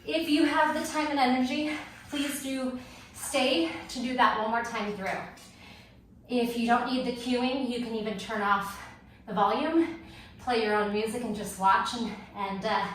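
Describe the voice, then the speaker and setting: A woman fitness instructor, out of breath, paces her short exercise cues slowly in a slightly high voice. She sounds far from the microphone, in a very echoey room with a faint hiss behind her. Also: fairly even intonation, fairly bright tone. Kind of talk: workout class cueing. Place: home workout space.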